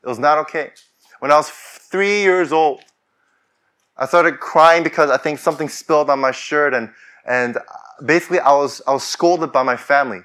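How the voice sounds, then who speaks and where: A man's voice: fairly high pitch, moderate pace, a bit bright. A man preaching a sermon as pastor, talking conversationally and rising to fervent declarations.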